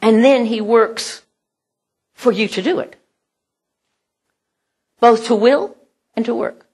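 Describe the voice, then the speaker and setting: A woman's voice: on the high side, slow, a little mellow, slightly rough. A woman preaching a sermon in an earnest way, often dropping almost to a whisper and laughing now and then.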